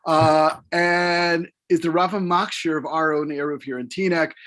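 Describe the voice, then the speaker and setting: Slightly high-voiced male interviewer. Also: fairly even intonation, measured pace, a bit bright. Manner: rambling questions with fillers. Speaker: interviewer and professor. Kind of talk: hosting an author interview.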